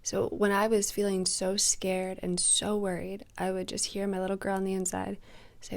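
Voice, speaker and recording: A woman coaching on manifestation in a casual, reflective vlog, speaking softly and sometimes dropping to a whisper. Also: mid-range voice, monotone, moderate pace, gravelly. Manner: soft-spoken, drops to a whisper at times.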